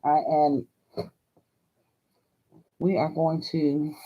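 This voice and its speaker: A woman's voice: sits low, level tone, extremely slow, dull audio. An older woman from Hawaii hosting a crafting vlog, chatting in a folksy, chatty way and laughing often. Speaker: crafting channel host.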